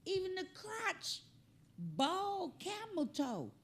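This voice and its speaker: A woman hosting a comedy reaction show, riffing on clips in an animated, joking, slangy way. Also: extremely high pitch, takes it slowly, a little hiss or hum.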